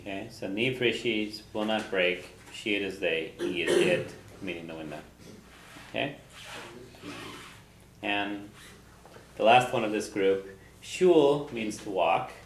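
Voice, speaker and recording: A man teaching a language class, patiently drilling phrases slowly so students can repeat them. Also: on the low side, lively intonation, echoey room, slight background noise, poor audio.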